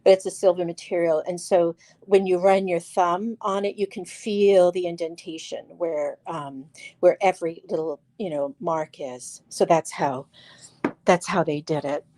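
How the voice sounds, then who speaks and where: A woman's voice: on the low side, fairly even intonation, a little slow, mellow. A woman hosting a live crystal sales show, talking chattily with lots of fillers and restarts, calling out viewers by name. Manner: addresses viewers by name while showing stones. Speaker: live sale host.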